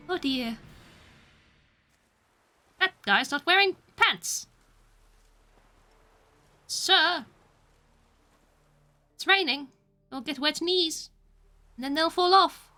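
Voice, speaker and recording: A woman's voice: very high voice, drawn-out words, pauses often, pushed and bright. A young British woman streaming a game, chatting casually, mocking herself and laughing often. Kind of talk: casual gameplay commentary.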